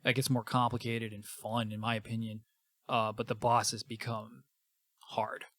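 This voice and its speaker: A man's voice: mid-range voice, level tone, unhurried, fairly bright tone, no room sound. A man co-hosting a gaming podcast, easygoing and agreeable in casual chat. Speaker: podcast co-host.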